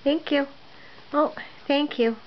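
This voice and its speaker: A mother in a casual home video, gently coaxing her toddler with short repeated phrases in a sing-song voice. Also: high voice, steady tone, slow pace. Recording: dull lo-fi home recording, faint room noise.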